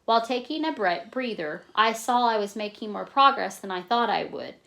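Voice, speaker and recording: A woman reading a novel aloud in a plain, steady way, stopping now and then to explain in casual asides. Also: fairly high pitch, normal speed, vocal fry. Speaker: reader.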